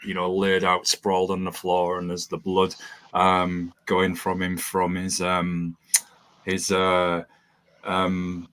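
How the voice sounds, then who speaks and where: A man's voice: low-pitched, completely flat delivery, takes it slowly, fairly bright tone. A man hosting a podcast interview, rambling with lots of ums and restarts over a video call. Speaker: podcast host. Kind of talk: casual interview chat.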